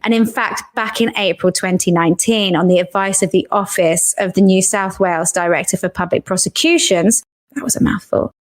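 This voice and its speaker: A woman hosting a podcast in a casual review chat, chatty with quick self-mocking asides. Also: mid-range voice. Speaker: podcast host.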